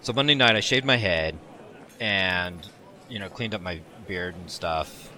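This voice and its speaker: A man co-hosting a podcast, telling a story in a casual, animated way and laughing often. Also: low-pitched, unhurried. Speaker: podcast co-host.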